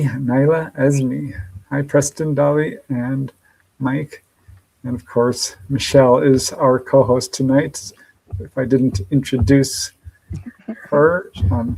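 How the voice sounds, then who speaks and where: A man's voice: mid-range voice, vocal fry, darkish tone, husky, rough recording. A man hosting a live podcast stream, upbeat and chatty, greeting viewers by name and laughing often. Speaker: podcast host. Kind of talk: casual livestream chat.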